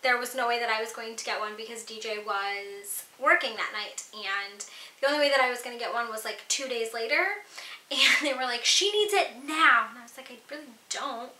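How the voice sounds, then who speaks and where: A woman's voice: fairly high pitch, steady tone, fairly quick, sharp tone, roomy sound, poor audio. A young woman in her twenties chatting casually through a pregnancy Q&A vlog, giggly and full of fillers. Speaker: vlogger.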